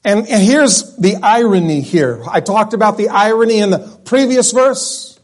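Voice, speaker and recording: A man's voice: high-pitched, animated, normal speed. A man preaching a sermon in a church, leading a prayer and then teaching in a conversational way, restarting phrases and putting questions to the congregation. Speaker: pastor. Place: church sanctuary.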